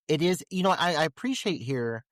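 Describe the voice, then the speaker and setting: A man's voice: a little high, animated, unhurried, dry recording. A man co-hosting a podcast, talking through a film scene in a casual, enthusiastic, analytical way on a close podcast mic. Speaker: podcast co-host.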